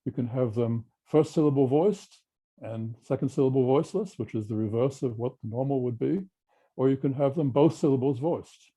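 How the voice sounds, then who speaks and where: An older man with an Australian accent giving a measured, technical linguistics seminar lecture. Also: mid-range voice, mellow, husky. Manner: measured, technical, explanatory with pauses.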